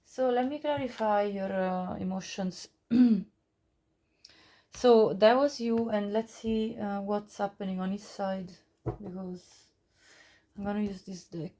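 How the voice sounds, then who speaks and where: A woman's voice: medium pitch, steady tone, slow, warm tone. Woman tarot reader, casual and chatty, laughs easily, talks with fillers and restarts. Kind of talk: casual pick-a-card tarot reading.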